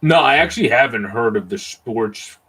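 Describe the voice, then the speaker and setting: A man's voice: mid-range voice, expressive, moderate pace, a bit bright, breathy edge. A man doing amateur live play-by-play of a baseball game, casually rambling with fillers and answering chat.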